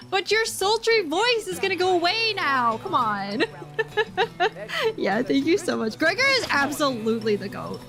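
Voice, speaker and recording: A woman's voice: very high-pitched, sing-song, measured pace. A young woman streaming a game live, chatting with viewers in a giggly, rambling way. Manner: giggly, rambling, talks to chat. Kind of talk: live gameplay stream chat.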